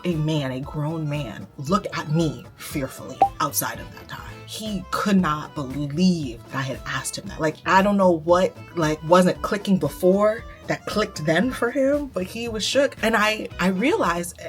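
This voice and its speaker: A young woman in her twenties from the United States tells a personal story in a casual vlog, animated and laughing as she goes. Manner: animated, laughs while retelling, lively pitch jumps. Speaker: vlogger. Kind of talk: casual storytelling while getting ready.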